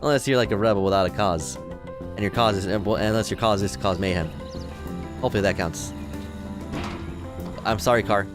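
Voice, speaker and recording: Playing through a video game, a young man from Chicago in the Midwest comments and jokes casually, even talking back to the characters. He speaks fairly quickly in a lowish voice but leaves long pauses, and music runs in the background.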